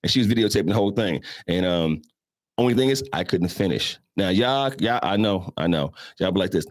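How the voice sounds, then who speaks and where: A low-pitched man in his fifties hosts a show, telling stories fairly quickly with lively intonation. Loose and conversational, he speaks straight to listeners as "y'all" and acts out voices during the casual monologue. Clean studio sound, no echo.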